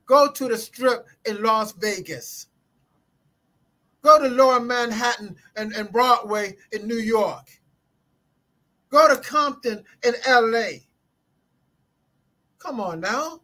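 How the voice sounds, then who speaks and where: High-voiced emphatic man. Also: slow, pauses often, pushed and bright, low-quality recording. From United States. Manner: emphatic, preaching cadence. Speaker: guest scholar. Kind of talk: impassioned interview talk. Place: Orlando.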